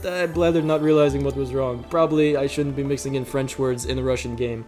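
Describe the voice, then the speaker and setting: A man's voice: mid-range voice, steady tone, brisk, a little mellow, soft background music. A young man reading a visual novel aloud as host, with jokey, laughing asides between lines. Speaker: let's play host.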